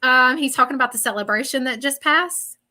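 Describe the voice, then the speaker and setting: Emotional, bright-voiced woman medium. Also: high-pitched, a little fast. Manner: emotional, apologetic, animated. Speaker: psychic medium. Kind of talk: live-streamed reading.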